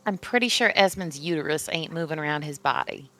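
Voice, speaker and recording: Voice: mid-range voice, expressive, brisk, sharp tone. A tabletop game player explaining something out of character in a wry tone. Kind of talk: casual out-of-character chat.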